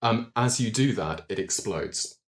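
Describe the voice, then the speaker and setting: A man narrating a tabletop game as game master, measured and full of ums. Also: fairly low pitch, animated.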